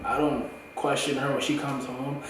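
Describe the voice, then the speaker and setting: A young man in a candid, profane, slang-heavy monologue for his vlog, his voice going hoarse. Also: mid-range voice, flat delivery, moderate pace, a bit bright, a little hiss or hum. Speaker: vlogger. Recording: echoey room, far from the mic.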